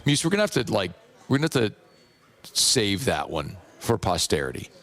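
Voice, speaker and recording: Hoarse man, low voice, sports radio host riffing casually. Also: sing-song, normal speed. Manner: playful, rambling, riffs on pronunciation. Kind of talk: casual radio talk with live ad read.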